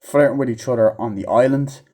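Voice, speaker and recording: A man's voice: mid-range voice, brisk, a little mellow. A man giving a casual, rambling movie review, swearing constantly and acting out characters' lines in a raised voice.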